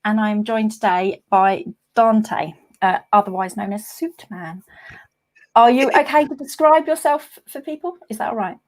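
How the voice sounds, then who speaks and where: A woman's voice: mid-range voice, a little slow. A woman hosting a casual interview from her office, friendly and hesitant with frequent ums. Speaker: host.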